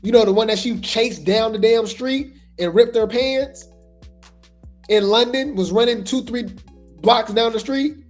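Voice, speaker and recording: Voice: medium pitch, a little slow, soft background music. Chatty gossip commentary host. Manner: chatty, trailing off with repeated asides.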